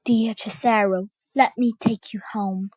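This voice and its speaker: A woman's voice: medium pitch, fairly even intonation, measured pace, darkish tone, no room sound, lightly acted. A woman voicing a determined, loving noble lady. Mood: urgent. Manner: commanding yet tender.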